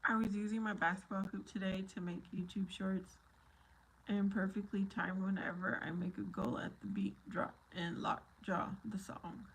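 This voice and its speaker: A woman's voice: medium pitch, fairly even intonation, normal speed, slightly rough. A woman hosting a casual live chat, talking to her viewers by name, playful and laughing often. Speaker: livestream host.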